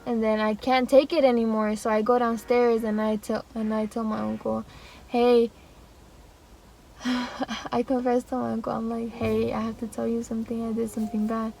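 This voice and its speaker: A young woman vlogger telling a rambling, animated storytime, laughing and acting out quotes as she goes. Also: a little high, moderate pace, creaky, poor audio. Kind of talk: casual storytime.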